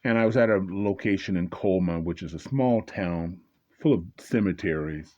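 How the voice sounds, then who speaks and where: A man with a very low, mellow voice tells a personal story in a loose, conversational way, with stops and restarts. He raises his voice to act out heated exchanges. The recording sounds dull and lo-fi. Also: moderate pace. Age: 20s at the time told, now older. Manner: conversational, re-enacts angry exchanges with rising voice; frequent fillers and repeated restarts.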